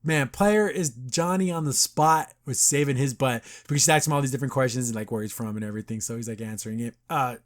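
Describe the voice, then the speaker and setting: A man's voice: medium pitch, fast, hardly any pauses. A young man hosting a podcast, recapping a cartoon episode in a chatty, enthusiastic way and acting out the characters' lines. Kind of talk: casual recap commentary.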